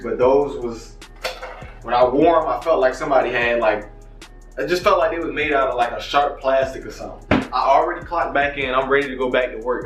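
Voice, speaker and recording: A man in a casual vlog tells a story with lots of slang and swearing, his voice swinging up and down. The room is echoey, and faint music plays underneath. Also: mid-range voice. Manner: animated, profane, slangy storytelling. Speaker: vlogger. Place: kitchen, cooking breakfast.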